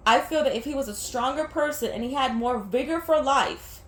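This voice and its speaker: A woman's voice: sits high, moderate pace. A young woman talking casually over gameplay, venting candidly and rambling, swearing freely. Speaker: gaming vlogger. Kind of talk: casual gameplay chat mixed with personal venting. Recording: echoey room with faint background noise.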